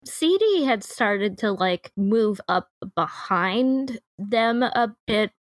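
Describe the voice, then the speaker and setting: A woman's voice: mid-range voice, expressive, takes it slowly, no room sound. Woman, tabletop player, chatty and giggly, dry close sound. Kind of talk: casual tabletop play.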